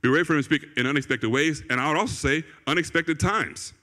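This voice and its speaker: Male pastor, fairly high voice, casual preaching style that keeps repeating key lines, long church-hall reverb. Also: quick pace, sharp tone. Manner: conversational, repeats phrases for emphasis, asks "right?" and "okay?". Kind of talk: sermon. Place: church sanctuary.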